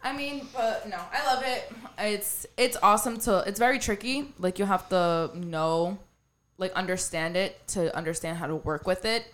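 A woman co-hosting a casual podcast. She talks in a relaxed, chatty way with a mid-range voice and drops the odd swear word. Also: mid-range voice, moderate pace. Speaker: podcast co-host. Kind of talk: casual chat.

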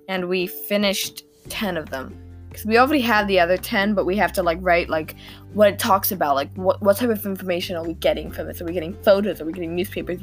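A teenage girl chatting alone on her podcast about her day, rambling and poking fun at herself between giggles. Her voice sits a little low for a girl. Soft music plays faintly behind her. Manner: rambling, self-deprecating, giggly. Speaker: podcast host. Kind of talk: casual diary-style monologue.

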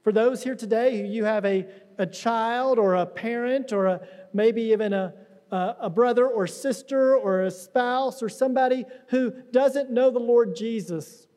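A man's voice: very high-pitched, warm tone, long reverb tail. A man preaching a conversational sermon in a church, acting out quotes as he explains a passage. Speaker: pastor. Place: church sanctuary.

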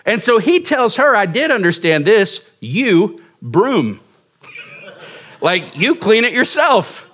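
A man's voice: extremely high pitch, a bit bright. A man in his forties preaching a sermon as pastor, telling a story casually and making fun of himself. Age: 40s. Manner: casual, self-mocking storytelling.

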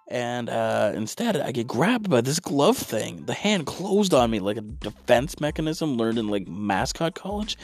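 A man's voice: on the low side, animated, moderate pace, few pauses, dry recording, faint music behind. A man performing a stand-up comedy routine, with exasperated rants and big vocal swings.

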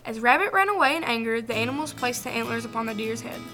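A woman reading a children's folktale aloud, in a clear and expressive storytelling voice. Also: a little high, fast, hardly any pauses, soft background music.

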